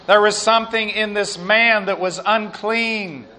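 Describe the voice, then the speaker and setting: A man preaching a sermon and reading scripture aloud, slow and emphatic, with quiet asides. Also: high-pitched, steady tone.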